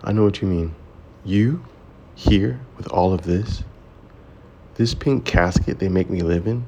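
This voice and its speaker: A man puts on a poised young woman with a teasing, coaxing manner. The voice sits only a little above his own, so it still stays low, with a gravelly edge under the lift. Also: measured pace, warm tone, a little hiss or hum. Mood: bitter.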